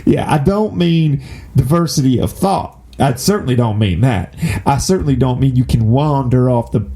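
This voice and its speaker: A man's voice: mid-range voice, expressive, moderate pace, mellow, slight background noise, natural voice. A man doing a mocking impression of a smug, scolding female politician, sarcastic and preachy.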